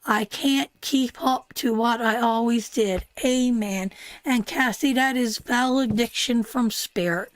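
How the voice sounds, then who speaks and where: Speaking at a slow pace with fairly even intonation, this older Newfoundland woman has a fairly high voice and a local accent. She runs a live tarot stream, chatting warmly and casually and addressing viewers as darling and sweetheart. The recording is dry.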